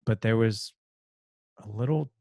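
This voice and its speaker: Gravelly man telling a confessional story. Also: lowish voice, a little mellow, no room sound. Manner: confessional, emotional, halting with restarts. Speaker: podcast host. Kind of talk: personal storytelling.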